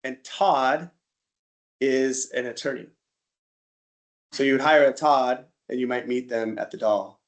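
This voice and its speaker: Lively American man giving a casual slide talk. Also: medium pitch, measured pace, pauses often. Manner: chatty storyteller who acts out little dialogues. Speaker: presenter at an interest group talk.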